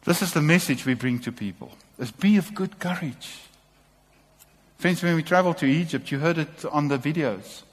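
A man's voice: a little high, moderate pace, in a large hall. A man preaching a sermon to a congregation, impassioned and repeating short calls to take courage.

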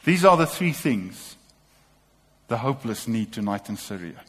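A man's voice: mid-range voice, very animated, measured pace, a bit bright, breathy edge, in a large hall. A man preaching a sermon to a congregation, impassioned and repeating short calls to take courage.

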